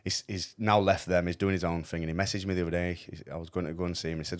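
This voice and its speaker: Deep fast-talking man. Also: no room sound, studio quality. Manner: swearing, animated anecdotes. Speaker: podcast guest. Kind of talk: casual chat, storytelling.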